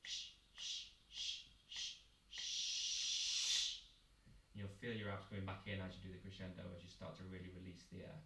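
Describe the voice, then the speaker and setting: Choir teacher, man, low voice, patient instructor, echoey room with the mic set back. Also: level tone, racing, hardly any pauses, recorded from a distance, very noisy. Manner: patient, step-by-step instructing with demonstrations. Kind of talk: vocal warm-up lesson.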